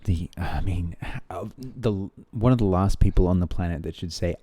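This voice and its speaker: Low dark voiced guy cohosting a podcast, blunt and scornful. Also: normal speed, few pauses, no room sound. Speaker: podcast co-host. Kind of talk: casual podcast chat.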